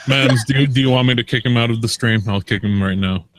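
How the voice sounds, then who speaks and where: A man's voice: medium pitch, brisk, fairly bright tone, no echo. A man in casual group voice chat who talks hesitantly, restarting often. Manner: hesitant, many fillers and restarts.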